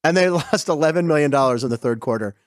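A middle-aged man from western Pennsylvania hosting a sports show, telling stories over game clips in a chatty, digressive, excited way. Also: fairly high pitch, quick pace, no echo, studio quality.

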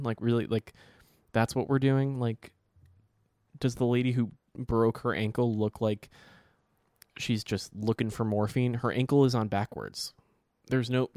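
A man's voice: mid-range voice, a little slow, dry recording, studio quality. A man in casual conversation, joking and acting out quoted people. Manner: animated, acts out quoted voices, joking. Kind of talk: casual chat.

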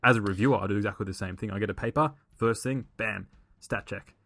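Male podcast co-host, low and gravelly, earnest explainer, dry close sound. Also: fast, fairly bright tone, no echo, soft background music. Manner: earnest, explanatory, with many fillers and restarts. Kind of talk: casual podcast chat.

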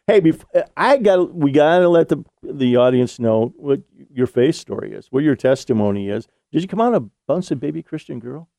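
Middle-aged male host, mellow dark tone, upbeat and affirming, dry studio sound. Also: mid-range voice, lively intonation, normal speed, creaky, hardly any pauses, no echo. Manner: enthusiastic, affirming interviewer. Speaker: podcast host. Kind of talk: casual faith conversation.

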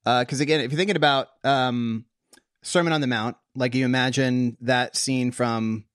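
A man's voice: mid-range voice, a bit bright, no room sound. Chatty man, dry close sound. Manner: chatty, full of fillers and restarts. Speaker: podcast co-host. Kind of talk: casual conversational Bible discussion.

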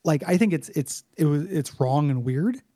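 A man on a podcast, casually recapping a cartoon episode, halting with restarts and blunt, profane remarks. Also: a little high, expressive, mellow, no room sound, clean studio sound. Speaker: podcast co-host.

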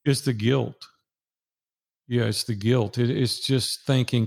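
A man in his sixties with a gravelly, creaky edge to his voice tells a long personal story as a guest. He speaks earnestly, like a preacher, and acts out each line of dialogue as he goes. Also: mid-range voice, normal speed, a little mellow. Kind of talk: storytelling in an interview.

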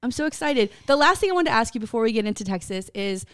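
A woman co-hosting a podcast, telling a personal story in casual chat, animated and swearing freely. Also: fairly high pitch, fast, clean tone. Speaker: podcast co-host.

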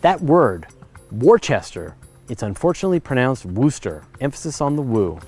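A man's voice: mid-range voice, big pitch swings, fast, darkish tone, soft background music. A middle-aged man hosting a podcast, answering listener questions in a chatty, enthusiastic way with fillers and self-corrections. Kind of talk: casual explanatory chat.

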